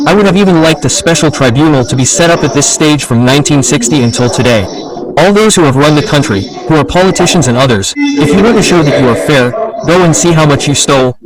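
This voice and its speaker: A man's voice: a little high, low-quality recording. A man giving an impassioned public political speech, insistent and full of rhetorical questions. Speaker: political speaker. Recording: speech over crowd noise.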